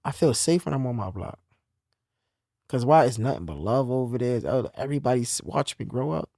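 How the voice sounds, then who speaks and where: Young new guy telling a story, pitch all over the place, dry close sound. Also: fairly quick, vocal fry, no echo. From New York. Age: young adult. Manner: animated storytelling, swings from low and quiet to loud. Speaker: podcast guest telling his story. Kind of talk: casual conversation.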